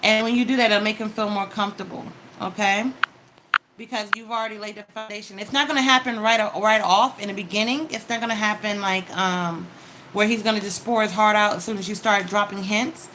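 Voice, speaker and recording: A woman's voice: medium pitch, steady tone, a little fast, noisy background. A woman giving a casual tarot reading, talking straight to the viewer with advice and frequent "okay?" check-ins. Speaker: tarot card reader.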